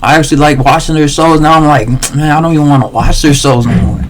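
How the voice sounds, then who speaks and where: A man's voice: a little high, steady tone, quick pace, noisy background. A man livestreaming a rambling, slangy monologue full of swearing and restarts.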